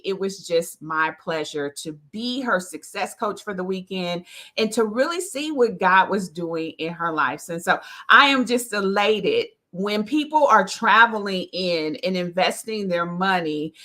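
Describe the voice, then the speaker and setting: A woman's voice: mid-range voice, bright, forceful tone. A woman with a Southern accent, a success coach and podcast host, talking on her own live stream in an earnest way about faith and encouragement. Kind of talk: solo live stream talk.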